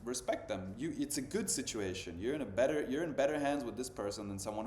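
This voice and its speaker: This podcast host, a man in his thirties, keeps the casual chat loose and slangy, leaning on "bro" and "dude." He talks fast with lively intonation in a mid-range, slightly mellow voice, recorded in an echoey room with faint background noise.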